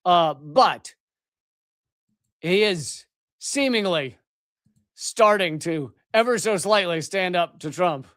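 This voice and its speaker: A man's voice: high voice, animated, slow pace, long pauses, fairly bright tone, no room sound, studio quality. A man hosting a live political commentary show, ranting sarcastically and profanely, often restarting his sentences. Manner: rambling with restarts. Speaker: host.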